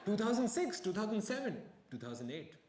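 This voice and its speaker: A man's voice: high-pitched, sing-song, brisk, reverberant, heavy background noise. A male stand-up comedian telling a story in a dry, self-mocking way at a live comedy venue, with audience laughter.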